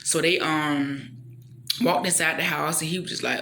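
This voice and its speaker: Woman telling a story casually with a bright voice, gets animated acting out the people, keeps checking in with whoever's listening. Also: normal speed, slight background noise. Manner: animated, acts out the people in her story with big jumps in pitch. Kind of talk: casual storytelling with a faith message.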